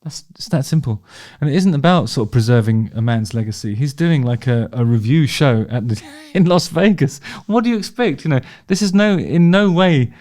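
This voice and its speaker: A man with a mid-range, slightly mellow voice reacts to concert footage, talking expressively at a normal speed with hardly any pauses. His commentary is casual and opinionated, and he's chatty, swears freely, keeps restarting his sentences and laughs along.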